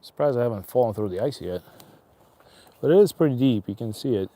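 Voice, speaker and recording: Streaming live while fishing beside an icy river, a man chats wryly and rambles, talking both to himself and to people walking by. His mid-range voice is expressive and dark in tone, moving a little fast.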